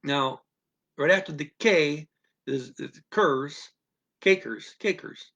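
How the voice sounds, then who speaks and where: A man's voice: a little high, vocal fry, sharp tone, muffled recording. A man teaching a listening lesson on a live stream, patient and repetitive, checking in with "okay?" again and again. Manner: slow, patient, repeats instructions with frequent "okay?". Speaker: language teacher.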